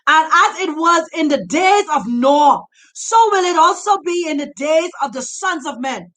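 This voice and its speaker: A woman preaching a sermon, fervent and impassioned, shouting her exhortations and at times near tears. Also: high voice, expressive, normal speed.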